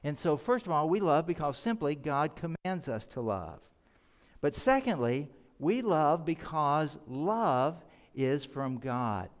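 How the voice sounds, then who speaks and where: A man's voice: on the high side, sing-song, slow pace. Earnest male pastor in a reverberant hall. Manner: earnest, explanatory, emphatic on key words. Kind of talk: sermon. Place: church sanctuary.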